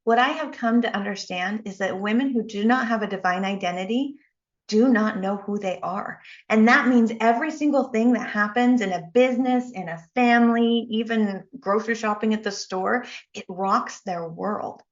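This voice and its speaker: Woman, motivational speaker, emphatic storytelling, mid pitch, slightly dull recording. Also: normal speed. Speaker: life coach and speaker. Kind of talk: motivational talk.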